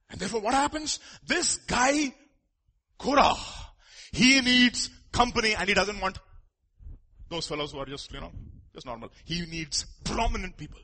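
A man's voice: sits high, pushed and bright. A man preaching a sermon, emphatic, full of rhetorical questions and joking asides to the congregation.

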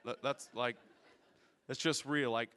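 A man's voice: mid-range voice, fairly even intonation, measured pace, a bit bright, smooth. A man preaching a sermon in a casual, explanatory way, often checking in with his listeners and asking them questions. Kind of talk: conversational sermon.

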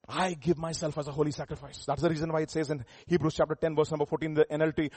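A man preaches a sermon in a fairly high voice. He swings from loud emphatic lines to quiet ones and keeps asking rhetorical questions. The sound is dry and close, with little room. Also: steady tone, fast talker, no echo. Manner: emphatic, rising and falling volume, rhetorical questions.

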